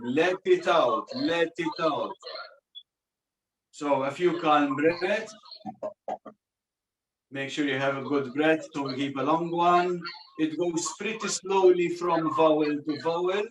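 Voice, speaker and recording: A man facilitating a group sound ceremony, patiently instructing and counting breaths aloud as the group chants vowels together. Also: on the high side. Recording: live recording with steady noise and clicks.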